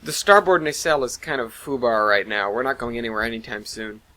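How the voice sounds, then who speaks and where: Man playing a female starship engineer, blunt, matter-of-fact, bright voice. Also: mid-range voice, fairly quick, natural voice, poor audio. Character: blunt woman engineering officer.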